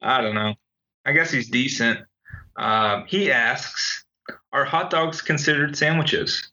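A man's voice: medium pitch, slow, sharp tone. A young man co-hosting a sports podcast, leading segments in joking casual chat. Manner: leads segments, joking, many ums. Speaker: podcast co-host. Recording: dull lo-fi home recording over call.

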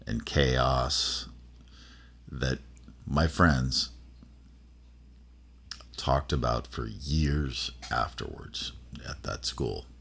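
Very deep, gravelly male storyteller. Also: a bit bright. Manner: rambling, halting, many fillers and restarts. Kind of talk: personal storytelling.

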